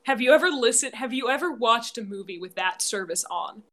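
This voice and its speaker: A woman's voice: on the high side, lively intonation, fairly quick, fairly bright tone. A woman on a podcast talking emphatically and teasing her friends. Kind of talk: casual chat.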